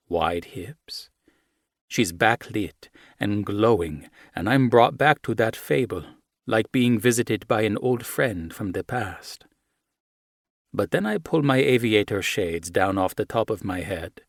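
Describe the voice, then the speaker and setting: A man narrating a romance audiobook in the first person, in a measured, soft, intimate manner, on a close microphone. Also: lowish voice, no echo.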